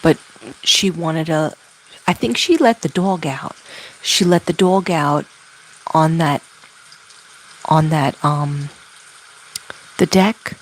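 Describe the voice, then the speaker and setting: A woman doing a spirit reading as a medium, talking haltingly and relaying messages with many fillers. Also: low-pitched, slight background noise, rough recording. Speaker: psychic medium.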